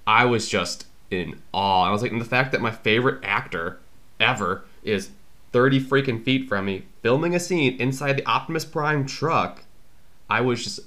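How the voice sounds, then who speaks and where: A man in his twenties, hosting a podcast, telling animated self-mocking stories in casual chat. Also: medium pitch, moderate pace. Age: 20s. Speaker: podcast host.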